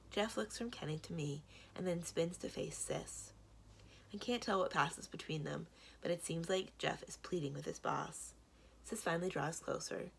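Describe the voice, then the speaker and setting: A woman, a children's librarian, reading a children's book aloud in steady first-person storytelling. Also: deep voice, normal speed, vocal fry, slight background noise.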